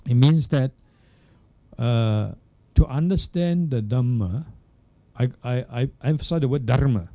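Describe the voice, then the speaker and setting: Older male monk, dharma talk, extremely dark and warm timbre, measured halting delivery. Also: medium pitch. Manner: unhurried, searching for words, checks in with "hmm?" and "yeah?". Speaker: Buddhist monk teacher. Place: Buddhist centre hall.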